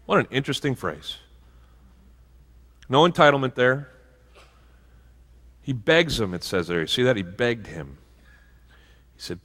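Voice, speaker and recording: A male pastor delivers a sermon in a loose, conversational style, often restarting his sentences and dropping in asides. His voice is bright and forward, and it sits at an ordinary pitch. A long church-hall reverb trails after each phrase. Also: very animated, a little slow, pauses often. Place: church sanctuary.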